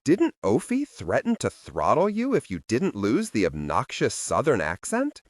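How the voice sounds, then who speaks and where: Cast: a man as a wry, curious young woman, soft and hushed at times. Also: medium pitch, wildly swooping pitch, measured pace, no echo. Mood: teasing. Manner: soft-spoken, turns to whispers.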